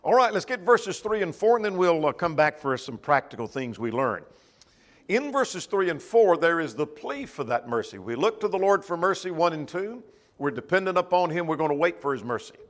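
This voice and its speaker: A man's voice: on the high side, big pitch swings, brisk, big-room sound. A man teaching a church Bible class in a conversational way, asking the class questions as he goes.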